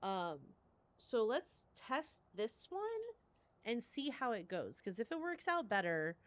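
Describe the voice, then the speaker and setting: A woman's voice: a little high, very animated, takes it slowly. Chatty woman game streamer, effusive with her viewers, on a somewhat muffled recording. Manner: effusive, gushing thanks to chat; rambling, chatty. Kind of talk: live stream chat.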